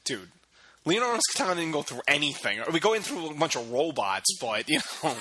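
A man's voice: fairly high pitch, big pitch swings, fairly quick, sharp tone. A young man chatting casually with friends, rambling through loose sentences full of "like" and often breaking into laughs. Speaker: co-host in a chat among friends. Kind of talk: casual chat.

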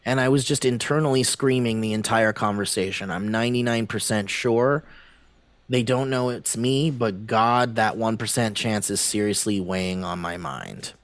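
A man co-hosting a casual comedy podcast, who laughs often and reads an online post aloud in an animated way. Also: moderate pace, no room sound. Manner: animated, laughs often, pitch swings widely. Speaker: podcast co-host.

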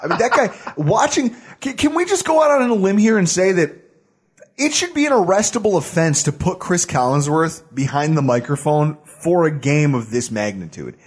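A man co-hosting a casual sports podcast, animated and ranting, laughing often as he talks. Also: sits high, moderate pace, husky.

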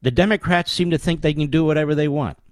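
A man's voice: on the high side, fast talker, dry recording. A man hosting a political talk show, delivering an emphatic, declamatory commentary monologue with lots of rhetorical repetition.

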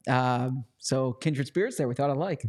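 A man's voice: medium pitch, normal speed, darkish tone. A man co-hosting a casual sports talk show, chatty and rambling, often restarting his sentences. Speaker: co-host and team reporter.

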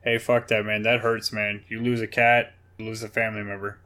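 A man's voice: lowish voice, little pitch movement, brisk, bright, forceful tone. A man co-hosting a casual podcast, talking in a profane, emphatic way. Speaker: podcast co-host.

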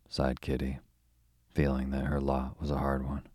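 A young man hosting and narrating a bedtime story in a slow, calm, soothing way. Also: a bass voice, breathy edge, no room sound, studio quality.

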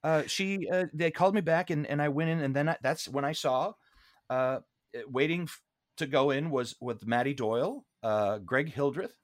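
A man's voice: normal speed, dry recording, clean studio sound. A Broadway actor being interviewed, telling stories casually and acting out quoted lines with big jumps in his voice. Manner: animated, acts out quotes with big pitch jumps.

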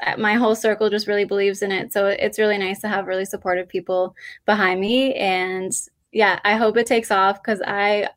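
Earnest woman, a country singer guest. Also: medium pitch. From Canada. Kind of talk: casual interview answers.

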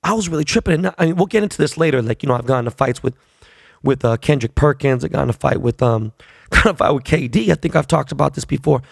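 A man's voice: mid-range voice, lively intonation, fast, vocal fry, slightly rough, no room sound, clean studio sound. A man in his forties telling a long, profane story in a casual, rambling way, full of fillers. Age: 40s.

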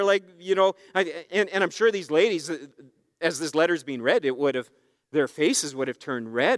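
A middle-aged pastor delivers a sermon in a high, resonant voice. His manner is earnest and conversational, building urgency by repeating key phrases. The sound is close and dry. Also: sing-song, a little fast, no echo. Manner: conversational, earnest preaching with emphatic repetition. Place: church.

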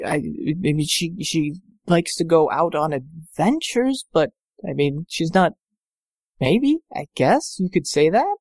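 A man's voice: a little high, animated, slow pace, darkish tone, no room sound, studio quality, pitched above the performer's own voice, full character voice. A man putting on a shy, stammering young scholar woman. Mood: flustered. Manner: hesitant, stammering and caught off guard. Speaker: game master voicing a character.

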